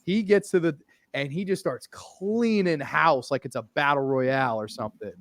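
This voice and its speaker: A man with a fairly high voice hosts a loose, casual podcast conversation. He gushes with excitement and swears freely. His voice is recorded close and dry, with no room echo. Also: moderate pace. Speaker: podcast host. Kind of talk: casual chat.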